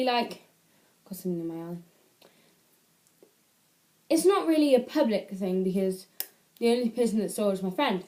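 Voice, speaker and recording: A UK teenage girl vlogger with a fairly high, mellow voice chats casually into an iPad camera at home. She rambles and corrects herself while giving advice.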